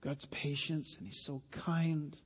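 A man's voice: a little high, little pitch movement, slow, slightly rough. A man preaching a sermon, emphatic and full of stories. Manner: emphatic, storytelling. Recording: long hall reverb.

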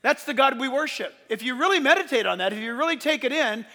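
A man's voice: extremely high pitch, expressive, fast talker, pushed and bright. A man preaching a sermon as pastor, emphatic, sometimes speeding up and raising his voice. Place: church. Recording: long reverb of a church hall.

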